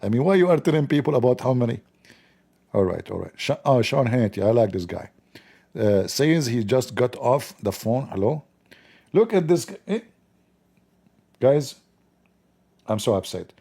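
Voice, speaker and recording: A man's voice: medium pitch, sing-song, moderate pace, creaky, long pauses, dark tone, husky. A man hosting a live stream, joking sarcastically with mock outrage as he comments on the news.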